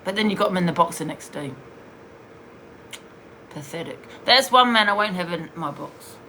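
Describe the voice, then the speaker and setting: A woman's voice: lowish voice, animated, normal speed, bright, forceful tone, a little hiss or hum. A woman streaming live, bluntly and scornfully ranting while she answers viewers' comments. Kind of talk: heated live-stream rant.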